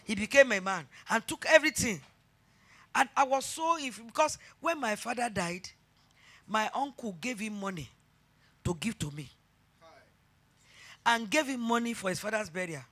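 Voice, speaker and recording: A woman's voice: a little high, lively intonation, normal speed, long pauses, fairly bright tone. A middle-aged Nigerian woman pastor preaching a sermon, telling a personal story and rising to fervent emphasis.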